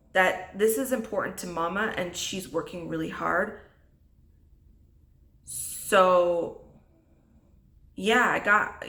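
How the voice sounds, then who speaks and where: A woman's voice: on the low side, gravelly, sharp tone. Earnest woman talking in an echoey room. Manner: emotional, halting, earnest. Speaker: vlogger. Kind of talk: heartfelt talk to camera.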